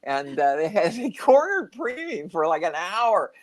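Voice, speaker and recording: Rambling older man with a lively voice. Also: high-pitched, measured pace. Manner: rambling storyteller, loses his train of thought. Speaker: podcast co-host. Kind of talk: casual spiritual chat.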